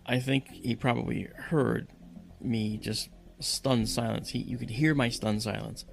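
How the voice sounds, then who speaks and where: A man recounting a dramatic personal experience, telling it in an animated way and acting out the voices of the people in it. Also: mid-range voice, unhurried, creaky, soft background music. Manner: animated storyteller who acts out quoted voices. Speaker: guest recounting a personal story. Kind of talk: storytelling in conversation.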